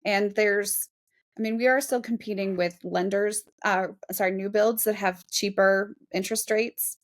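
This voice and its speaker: A woman's voice: mid-range voice, fairly even intonation, unhurried. A woman in her forties, a real estate agent, chatting in an interview in a self-deprecating, laughing way. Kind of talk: casual interview chat.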